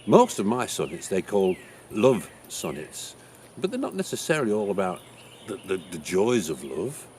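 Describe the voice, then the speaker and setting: An actor with an English accent playing the playwright Shakespeare, chattily teaching how to write a sonnet. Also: male voice, fairly low pitch, big pitch swings, moderate pace, a little mellow, a little hiss or hum. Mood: friendly teaching. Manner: chatty, explains things with homely examples. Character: William Shakespeare, chatty old male playwright. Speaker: writing teacher. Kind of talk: in-character writing lesson.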